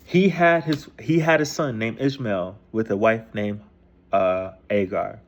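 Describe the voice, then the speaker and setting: Man, low-pitched, casual rambling talk, slangy, profane, reads then paraphrases. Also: a little slow, dull audio. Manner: loose, slangy and profane, with many restarts; reads passages aloud, then paraphrases them. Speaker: host retelling a scripture story.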